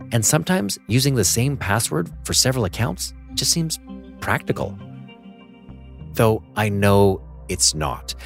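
Lively male podcast host. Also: fairly low pitch. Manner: lively storytelling, self-mocking humor. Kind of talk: scripted narration and casual chat.

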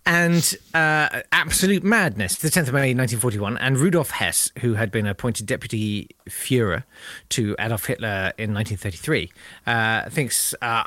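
A man's voice: medium pitch, moderate pace, bright, forceful tone, no room sound. A man co-hosting a comic history podcast, telling a story with mock-indignant banter. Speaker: podcast co-host.

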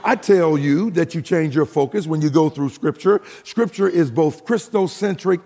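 A man's voice: a little high, normal speed, warm tone, long reverb tail. A man preaching a recorded sermon, explaining and calling the congregation to repeat after him. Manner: explains and calls for audience repetition. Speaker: pastor.

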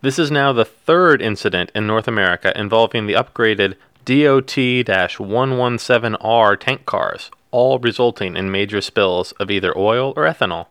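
A man with a fairly low voice co-hosts a casual podcast, reading headlines and tossing in wry jokes. The recording is dry and close, with no room sound. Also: normal speed, hardly any pauses, a bit bright, clear, resonant tone, no echo. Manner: wry, reads headlines aloud with jokey asides. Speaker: podcast co-host. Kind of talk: casual news chat.

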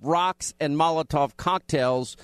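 A man hosting a radio talk show in a bantering, combative, quick-witted manner from a studio. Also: on the high side, clear, resonant tone, no echo.

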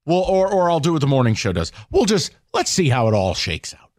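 A male sports talk radio host defending his pick, sarcastic and combative. His voice sits a little high and leaps around in pitch. The studio sound is dry and close. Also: brisk, dry recording. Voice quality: sarcastic, animated, argumentative.

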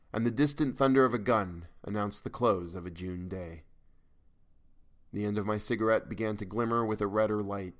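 A man reads a first-person story at an unhurried, even pace. His voice sits on the lower side and stays composed through each sentence. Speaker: audiobook narrator. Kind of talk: scripted narration of a short story.

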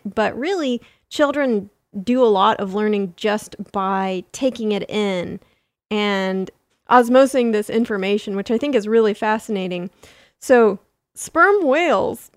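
A woman co-hosting a casual educational podcast, chatty and quick to laugh as she explains. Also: mid-range voice, no room sound, studio quality. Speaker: podcast co-host.

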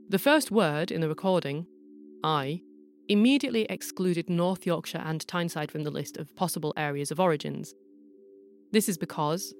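A woman hosting a podcast, giving scripted documentary narration in an explanatory way with playful asides. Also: low-pitched.

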